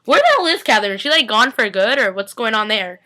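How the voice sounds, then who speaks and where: A young woman chatting excitedly in a casual recap vlog, rambling with many fillers, filmed at home on a webcam. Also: on the high side, fast talker. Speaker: vlogger recapping a TV episode. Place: home during a family party.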